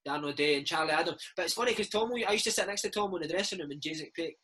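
Fast, bright-voiced Scottish man. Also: a little high, breathy edge. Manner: chatty storyteller, animated, full of slang. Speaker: podcast host and former footballer, interviewee. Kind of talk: casual chat.

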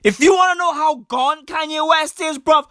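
A woman's voice: sits high, normal speed, fairly bright tone, dry recording, studio quality. A woman from Africa delivering a comedic rant monologue, profane and emphatic, peppered with slangy asides. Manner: profane, emphatic, slangy, repeats "bruv" and "broski".

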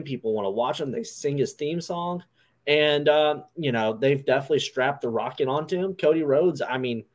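A man's voice: medium pitch, a little mellow. Rambling male podcast host. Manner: rambling, loose, lots of fillers. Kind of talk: casual wrestling review chat.

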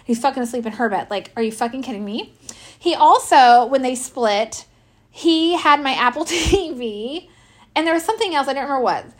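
A woman's voice: high voice, expressive, moderate pace. A middle-aged woman telling brash, profane stories about her kids in casual chat. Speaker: podcast host. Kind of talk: casual storytelling.

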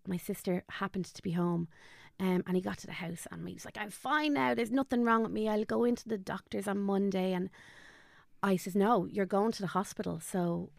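A woman's voice: lowish voice, vocal fry, a little mellow, no echo, clean studio sound. An Irish woman in her thirties, a podcast guest telling a personal family story candidly, acting out what people said. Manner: candid, tells it with quoted dialogue.

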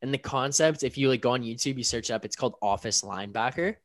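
A man's voice: mid-range voice, fast talker, dry recording. Chatty young man, dry close mic. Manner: storytelling with lots of filler words. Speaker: podcast co-host. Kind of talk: casual chat.

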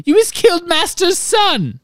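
A man doing a shrill frantic female house elf. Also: wildly swooping pitch, unhurried, fairly bright tone, no echo, heavily acted. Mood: shrieking. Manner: shrieking, broken grammar. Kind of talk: audiobook-style reading.

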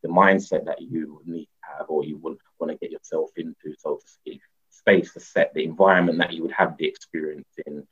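Male guest, low and husky, loose rambling talk full of fillers, dull lo-fi audio. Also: steady tone, brisk, a bit bright. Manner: rambling, many "you know" fillers, laughs often. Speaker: guest, mushroom educator. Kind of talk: casual conversational interview. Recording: dull lo-fi sound.

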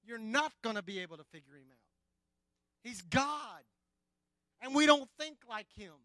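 A male pastor preaching a sermon, addressing the congregation directly and swinging from loud emphasis to quiet, slow lines. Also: very high voice, animated, no room sound.

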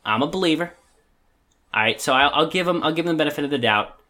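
A young man co-hosts a podcast, his voice fairly high and lively, moving at a quick pace with a pushed, bright quality. He chats casually but rambles and hesitates, restarting his sentences again and again.

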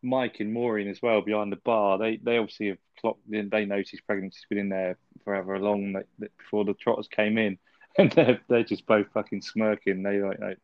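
A man's voice: lowish voice, flat delivery, a little fast, dry recording, highs cut off. A man chatting casually on a podcast, easygoing, laughing and swearing freely. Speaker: podcast co-host. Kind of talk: casual chat.

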